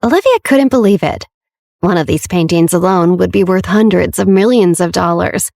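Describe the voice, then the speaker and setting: A woman narrates a romance audiobook in a steady, scripted storytelling voice. Her pitch sits on the low side. The sound is dry and close, with no room. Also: normal speed, creaky, no echo.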